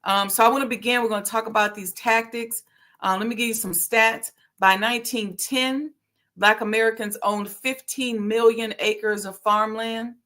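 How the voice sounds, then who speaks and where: A middle-aged woman, a historic preservation consultant and channel host, runs a history talk show. Her voice is a little high and a bit bright, with a steady tone and normal speed. She teaches in a casual, preachy, conversational way, laughing often and slipping into slang.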